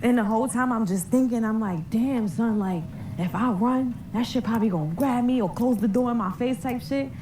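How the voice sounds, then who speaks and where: A woman casually telling a story to camera in a profane, slangy, animated way, recorded on a distant phone mic. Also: a little high, a little fast, slight background noise.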